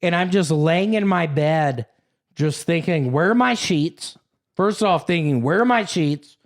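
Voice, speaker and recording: A man's voice: fairly high pitch, lively intonation, unhurried. A young man, a podcast co-host, telling a rambling story in casual chat and swearing freely.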